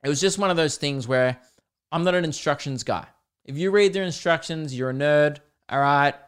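A man's voice: fairly high pitch, moderate pace, clean tone. A young man hosting a solo podcast, ranting with lots of swearing and bursts of laughter. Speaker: podcast host.

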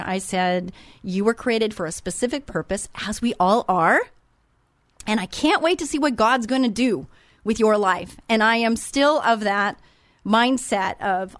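A middle-aged woman with a medium-pitched voice hosts a faith-based radio talk show, speaking in a heartfelt, sentimental, openly emotional way. The recording is dry.

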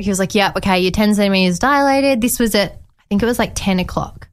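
A woman's voice: mid-range voice, moderate pace, clear, resonant tone. A woman in her twenties, a guest in a casual chat, telling her story openly and chattily, acting out what people said with lots of "I was like" quotes. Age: 20s. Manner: chatty and animated, acts out others' words with many "I was like" quotes.

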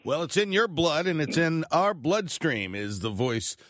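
A man hosting a radio talk show with a mid-pitched voice that swings a lot as he gets excited. The studio sound is dry and close. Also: measured pace, no echo. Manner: animated, excitable. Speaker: radio co-host.

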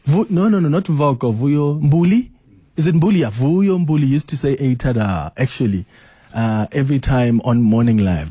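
Animated South African radio host, man. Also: medium pitch, slightly rough, dry recording. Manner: animated, exclaims often. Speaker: radio talk show host. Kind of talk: casual talk radio.

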